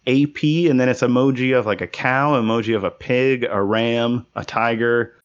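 A man's voice: mid-range voice, fairly even intonation, normal speed, clean tone. A man hosting a podcast in casual chat, rambling with many fillers and giggling. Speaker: podcast host. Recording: lo-fi podcast audio.

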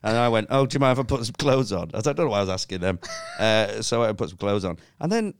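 A man's voice: on the low side, animated, quick pace, smooth. A man, a comedian guest, telling a story in casual chat, laughing and swearing often.

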